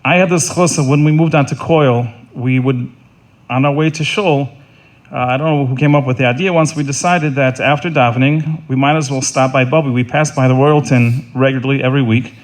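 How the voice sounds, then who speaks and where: A middle-aged man delivering a funeral eulogy in an earnest, halting way, often repeating words and restarting. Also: mid-range voice, steady tone. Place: funeral service.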